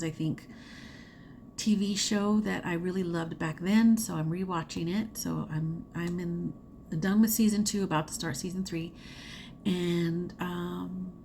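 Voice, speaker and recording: A chatty woman talks through her crafting month in a loose, rambling way, full of fillers. Her voice sits a little low for a woman. A faint hiss of noise runs under the recording. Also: a little mellow. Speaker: crafting vlogger. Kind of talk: casual chat.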